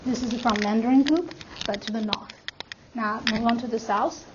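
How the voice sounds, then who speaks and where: A woman's voice: on the high side, normal speed. A woman from China with a Chinese accent, giving a classroom lecture as a language instructor, patiently checking that students follow. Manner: explains patiently, checks understanding with "right?". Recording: muffled classroom recording with background noise.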